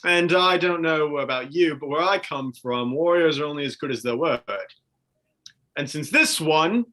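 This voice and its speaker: A man voicing a menacing male adventurer who interrogates prisoners in a drawn-out, taunting, theatrical way. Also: on the high side, sharp tone.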